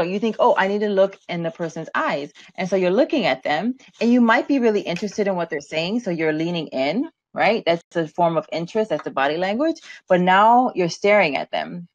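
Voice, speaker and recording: A woman teaching a business webinar as a guest strategist, lively, laughing often and repeating words as she talks over a video call. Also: medium pitch, a little fast, dry recording, highs cut off.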